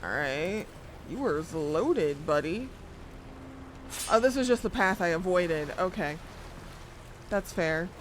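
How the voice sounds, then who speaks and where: A woman streaming gameplay, reacting excitably, swearing often and talking to herself and the screen. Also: lowish voice, takes it slowly, long pauses, a little hiss or hum. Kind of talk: live gameplay commentary.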